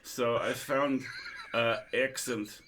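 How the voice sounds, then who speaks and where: A man hosting a livestream chat, an animated storyteller who acts out quotes. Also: mid-range voice, slow pace, heavy background noise. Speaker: podcast host.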